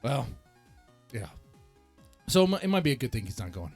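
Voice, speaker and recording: A man's voice: a little fast, soft background music. Rambling joking man ranting casually. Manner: rambling, joking, self-mocking, animated swings in pitch. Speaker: reaction channel host.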